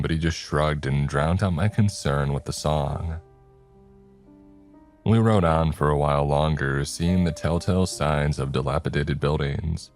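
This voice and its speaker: A man narrating a horror story in a steady, even storytelling manner. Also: a bass voice.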